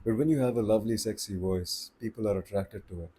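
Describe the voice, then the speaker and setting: A man giving voice tips in a relaxed, unhurried, conversational way, slowing down to stress his points. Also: lowish voice, a little hiss or hum. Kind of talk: casual advice talk to camera.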